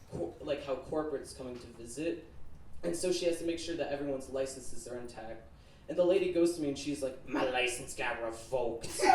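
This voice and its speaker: On the high side in pitch, a teenage boy performs stand-up as a student comedian in a comedy club, with background noise present. Nervous and rambling, he spins a story littered with "like" and other fillers, and the audience laughs; the recording is distant and roomy, capturing the crowd.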